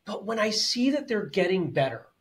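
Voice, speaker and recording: Using a high, sing-song voice at a moderate pace, a man co-hosts a martial arts podcast, chatting casually in long, thoughtful sentences that he frequently restarts.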